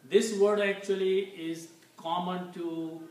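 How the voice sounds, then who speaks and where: Male teacher, slightly high voice, patient, repeats words, very echoey room, distant mic. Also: steady tone, slow, a little mellow. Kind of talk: Arabic language lesson.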